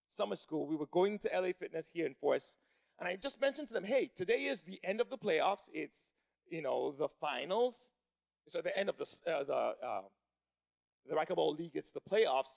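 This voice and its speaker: A man in his thirties works a live crowd with a stand-up story. His voice sits high and carries a gravelly rasp, and he gets louder and more animated as the story builds. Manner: animated, building to shouting in excitement. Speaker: stand-up comedian.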